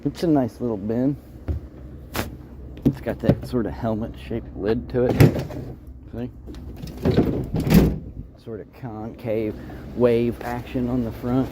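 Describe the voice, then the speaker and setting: A man's voice: medium pitch, steady tone, slow pace, long pauses. A man rambling casually and mumbling as he drives and picks through curbside scrap. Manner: rambling, self-deprecating, mumbly. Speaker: scrapper vlogger. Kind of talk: casual narration while driving and scrapping. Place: outdoors and in a vehicle, city streets. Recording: noisy outdoor street recording.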